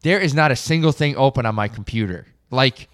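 A man co-hosting a casual podcast, telling rambling stories with lots of swearing and loud acted-out quotes. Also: medium pitch, a little fast, dry recording, studio quality. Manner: rambling storyteller, swears, acts out quotes loudly. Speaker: podcast co-host. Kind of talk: casual chat.

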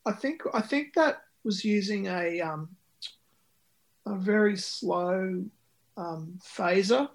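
A man's voice: sits high, slow, vocal fry. A man, a musician talking about his record in an interview, with many ums and restarts. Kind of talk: conversational interview.

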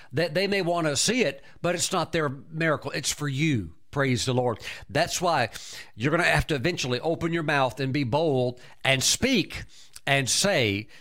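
A man's voice: mid-range voice, a bit bright. A man preaching a sermon, emphatic, breaking into exclamations of praise and often repeating and restarting his words.

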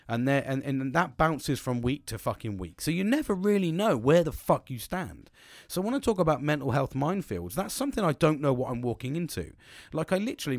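A man, venting in a casual podcast monologue, blunt and heavy on swearing, telling stories from home with animated energy. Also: fairly high pitch, no echo, clean studio sound.

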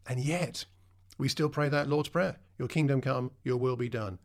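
A man's voice: medium pitch, normal speed. A man preaching a sermon in a conversational way, putting questions to his listeners.

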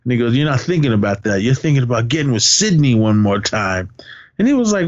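Male podcast co-host, animated storyteller who voices characters in bursts; muffled lo-fi sound. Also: medium pitch, brisk. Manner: laughing, acting out quoted lines in raised voices. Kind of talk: casual movie recap chat.

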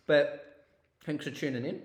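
A man's voice: on the high side, steady tone, measured pace. A man co-hosting a podcast, talking in a casual, joking way and teasing the others. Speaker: podcast co-host. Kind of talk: casual chat. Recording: roomy echo, faint noise.

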